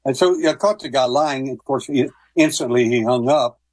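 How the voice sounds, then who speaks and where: A man's voice: medium pitch, moderate pace, a little mellow, dry recording, low-quality recording. A man telling long stories as a guest on a call-in radio talk show, with many fillers and restarts. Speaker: guest, paranormal investigator. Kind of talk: casual radio interview.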